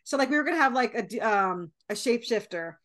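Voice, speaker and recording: Animated woman guest with a higher voice. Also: fast. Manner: animated, filler-heavy storytelling with laughs. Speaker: guest comic creator and co-author. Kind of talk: casual interview chat.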